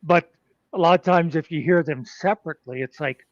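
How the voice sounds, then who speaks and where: A man's voice: fairly high pitch, fairly quick, no echo. A man co-hosting a casual chat, rambling with fillers and chuckling often. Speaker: podcast co-host. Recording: slightly muffled dry audio.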